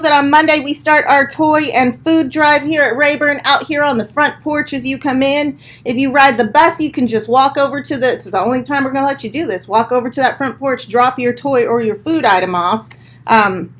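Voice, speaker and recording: Upbeat woman giving school announcements. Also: fairly high pitch. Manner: upbeat, encouraging, addresses children directly.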